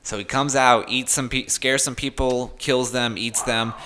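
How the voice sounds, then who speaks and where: A man's voice: medium pitch, fairly even intonation, unhurried, bright, forceful tone, a little hiss or hum. A man from Boston hosting a casual podcast chat at his house, with blunt, dry humor. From Boston, United States. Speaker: podcast host.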